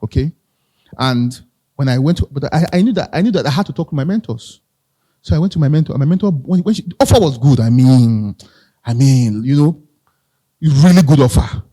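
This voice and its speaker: With lively intonation and a fairly quick pace, a Nigerian-accented man gives a live motivational talk, his voice medium in pitch and mellow. He chats with the audience conversationally, repeating phrases and asking them questions.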